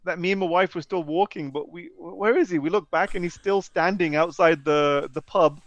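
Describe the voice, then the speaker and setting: A man guesting on a video call, telling a story in a casual, animated way and putting on voices for the people he quotes. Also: a little high, normal speed, no room sound, highs cut off. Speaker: interview guest.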